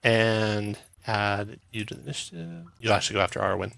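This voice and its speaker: Gravelly bright-voiced man as game master. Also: fairly low pitch, animated, no echo. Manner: quick, chatty, laughs often. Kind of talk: running a tabletop game online.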